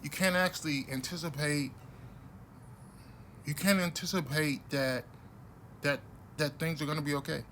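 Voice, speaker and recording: Blunt rambling man with a bright voice. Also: fairly high pitch, fairly even intonation, moderate pace, long pauses, slight background noise. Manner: blunt, rambling, many restarts. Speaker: vlogger. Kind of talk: casual monologue to camera.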